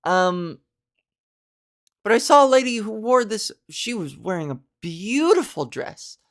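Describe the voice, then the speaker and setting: A woman hosting a podcast, a comedian chatting casually through a story with big, animated swings in pitch. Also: measured pace.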